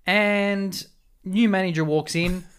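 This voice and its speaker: A man on a podcast telling a casual, animated story about an old job. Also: sits high, takes it slowly, clean tone. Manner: animated anecdotes, quotes people in exaggerated voices.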